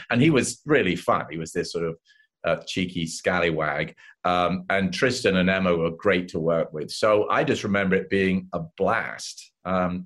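A man with an English accent, an actor guest telling lively anecdotes in a casual interview and quoting others with voices. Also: low voice. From England.

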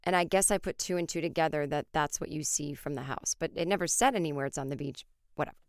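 A woman in her forties hosting a podcast, telling a comic personal story with lively acted-out quotes and casual swearing. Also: sits low, quick pace, no echo, clean studio sound. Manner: animated, acts out voices in quotes, swears freely. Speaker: podcast host.

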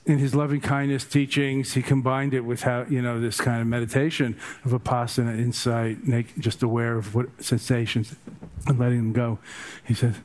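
A man's voice: mid-range voice, flat delivery, normal speed, darkish tone. Older man telling a chatty dharma tale. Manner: chatty, humorous, digressive. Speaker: meditation teacher. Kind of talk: storytelling dharma talk.

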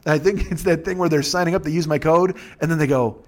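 A man's voice: a little high, fast. A man hosting a casual podcast, ranting and swearing with sarcasm and mocking little impressions of other people. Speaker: podcast host.

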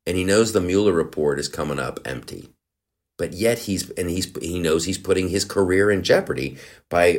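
A man hosting a podcast, delivering a profane, sarcastic comedic rant. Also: deep voice. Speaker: podcast host.

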